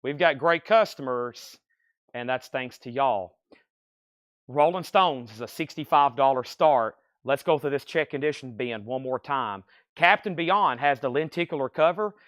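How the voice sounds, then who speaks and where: A man's voice: mid-range voice, unhurried, fairly bright tone, no echo. Guy doing a live record sale stream, chatty, calling prices, dry close sound. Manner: chatty, calling prices and conditions, thanking buyers by name. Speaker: record shop livestream seller. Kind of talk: live sales stream patter.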